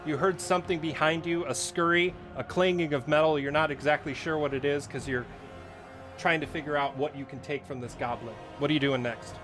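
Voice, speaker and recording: A man's voice: on the high side, steady tone, brisk, over music. A man running a tabletop game as game master, explaining the rules in a playful way and laughing often as he acts out the monsters.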